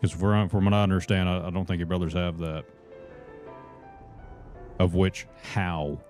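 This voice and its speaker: A man's voice: sits low, normal speed, faint music behind. A man chatting casually on a gameplay livestream, talking to viewers and calling them brothers. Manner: relaxed, chatty, reads chat and greets viewers as brothers.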